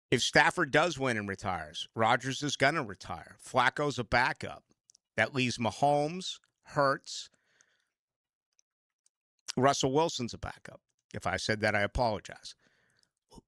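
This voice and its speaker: Male radio host, ranting, bright lively voice, dry studio sound. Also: on the high side, no room sound. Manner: animated, ranting. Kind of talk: casual radio talk. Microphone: studio microphone.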